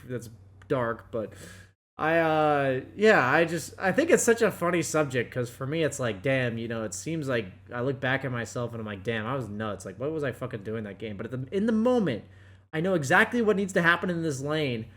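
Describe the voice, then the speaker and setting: A podcast host, a man, in a casual chat about gaming. His pitch swings around a lot and he tells stories in a loose, self-mocking way, with plenty of swearing. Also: very animated, moderate pace, fairly bright tone.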